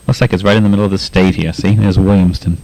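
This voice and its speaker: A man's voice: sits low, steady tone, a little mellow, dry recording, rough recording. A man with a Boston accent hosting a pirate radio show, casually reading listener letters with lots of laughs and uhs. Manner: laughs often, halting with many uhs.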